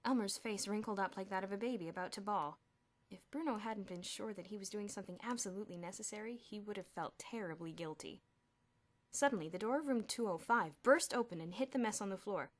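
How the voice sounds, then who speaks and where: A woman's voice: medium pitch, fairly quick. A woman narrating a children's novel as an audiobook, telling the story expressively. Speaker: audiobook reader.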